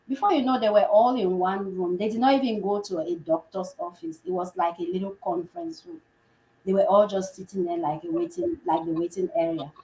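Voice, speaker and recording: A healthcare provider, a woman, telling a story with real animation. She slips into the voices of the people in her tale, and the room adds a noticeable echo around her middle-pitched voice. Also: brisk. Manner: animated, acts out quoted dialogue. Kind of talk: conversational storytelling. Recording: roomy echo.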